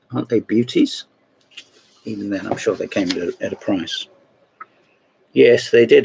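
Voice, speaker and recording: A man's voice: fairly low pitch, vocal fry, a little mellow, slight background noise, low-quality recording. A man hosting a casual show-and-tell video series, talking in a rambling way with wry asides. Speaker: host of a chess book video series.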